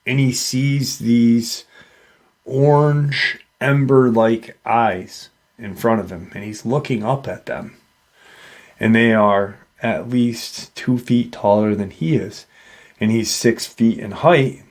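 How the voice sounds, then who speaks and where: Host of a paranormal channel, this man recounts a witness's encounter haltingly, full of fillers and false starts. His voice sits in the mid-range with a fairly even intonation.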